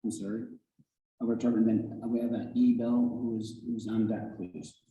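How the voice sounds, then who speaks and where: A man chairing a county legislature meeting, calling speakers up in a brief, halting, procedural way. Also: lowish voice, little pitch movement, dark tone. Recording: dull echoey chamber audio.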